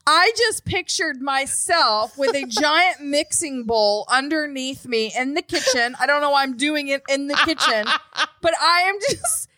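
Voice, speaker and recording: A woman in her forties co-hosts a podcast from a remote call, talking in a casual, dramatic way full of exclamations and laughter. Her voice sits high and bright, with lively swoops in pitch. The sound is dry and close. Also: measured pace, no room sound. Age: 40s. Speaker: podcast co-host. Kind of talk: casual chat.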